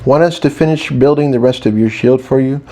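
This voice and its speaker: A man's voice: medium pitch, a little fast, mellow, pitched above the performer's own voice, close to an everyday voice. A man voicing a cheerful, helpful magical shield creature in an audiobook. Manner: cheerful, eager to help.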